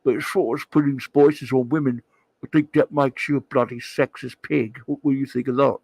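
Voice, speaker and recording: A man putting on a gruff, swearing older English comics writer in a mock English accent, grumbling. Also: medium pitch, steady tone, fairly quick, a little mellow, dry recording. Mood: huffy. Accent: put-on English.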